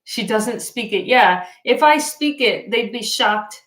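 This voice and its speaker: A woman's voice: on the high side, lively intonation, slow, fairly bright tone. Tired chatty woman livestreaming in an echoey room. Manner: chatty, laughing, reading out viewer comments. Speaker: livestream host. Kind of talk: casual livestream chat. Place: home in Japan.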